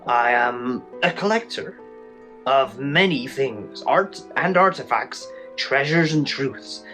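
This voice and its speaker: A gamer voicing a mysterious, formal male collector in a video game, speaking slowly in a low, strained, would-be gravelly voice. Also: expressive, sharp tone, faint music behind. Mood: stately. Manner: slow, low, stately delivery.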